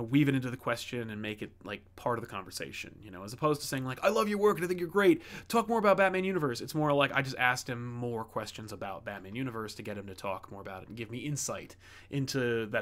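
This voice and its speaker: A man's voice: lowish voice, fairly bright tone. A man hosting a comic book livestream, chatting casually and rambling with lots of fillers while he reads out viewer messages. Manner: rambling, many fillers and restarts.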